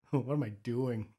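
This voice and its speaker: A man's voice: medium pitch, mellow. A young man co-hosting a podcast, rambling about movies in casual chat, often restarting his sentences and laughing. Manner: rambling, self-interrupting, swears, laughs often. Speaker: podcast co-host.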